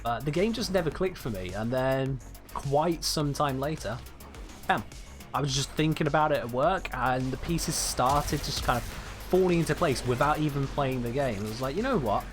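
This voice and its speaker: A man's voice: medium pitch, moderate pace, soft background music. A young man from Birmingham with a Southern English accent, chatting casually on a game stream and answering viewers as he plays. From Birmingham, England. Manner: chatty, reads and answers viewer chat while playing. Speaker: gaming streamer. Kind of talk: casual live-stream chat.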